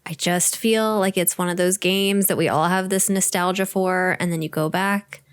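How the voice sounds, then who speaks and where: Lower-voiced woman podcast co-host. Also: steady tone, normal speed, clean tone. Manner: easygoing, brief interjections. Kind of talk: casual chat.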